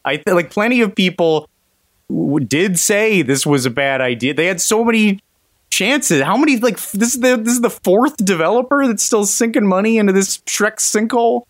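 A man hosting a casual podcast, rambling through stories with a wry, amused edge. His voice sits a little high, and the recording is dry and close. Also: expressive, moderate pace, no echo. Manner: wry, rambling storytelling with frequent laughs. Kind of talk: casual chat.

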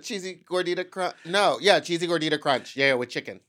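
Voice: medium pitch, fairly quick. A podcast co-host bantering with crude, playful humor. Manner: playful, vulgar, animated.

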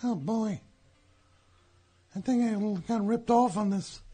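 In a radio studio comedy bit, a man voices a recurring character: a hacky, touchy male squirrel comic who cracks corny jokes and grumbles in self-pity. His exaggerated voice is high-pitched, slow, warm and a bit breathy, with soft music in the background and a wisecracking mood.

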